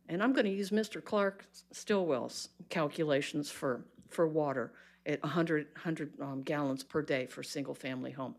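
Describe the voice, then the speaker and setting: A woman's voice: sits low, gravelly. A woman giving an impassioned, exasperated public comment at a county board meeting, speaking bluntly into a podium microphone.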